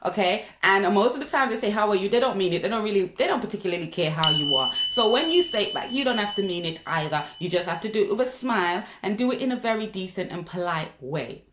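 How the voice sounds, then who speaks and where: A Jamaican woman vlogging casual, direct advice to viewers, calling them guys. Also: mid-range voice. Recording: echoey room.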